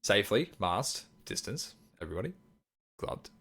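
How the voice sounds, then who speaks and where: A man cohosting a relaxed podcast, with a slightly low voice. He talks in a chatty way and laughs easily. He is close on a desk microphone. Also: normal speed, breathy edge. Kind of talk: casual chat.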